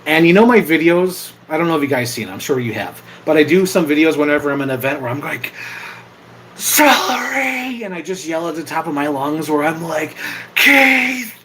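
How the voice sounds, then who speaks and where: A young man hosting an impromptu livestream, chatting casually, swearing freely and bursting into loud yells. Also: on the high side, fast, few pauses, slight background noise, poor audio. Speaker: livestream host.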